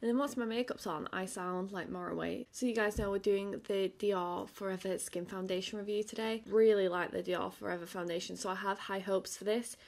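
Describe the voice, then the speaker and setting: A woman's voice: medium pitch, fairly even intonation, a little fast, vocal fry, hardly any pauses. A young woman vlogging a casual makeup review, chatty and full of fillers. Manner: chatty, filler-heavy with frequent "like"; quieter and tired while applying makeup. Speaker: beauty vlogger.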